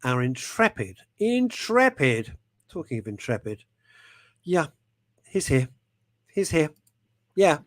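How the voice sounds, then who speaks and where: A radio show host banters casually on his talk show, animated and jokey, laughing readily and often trailing off mid-sentence to start over. His voice is mid-range, in a dry recording.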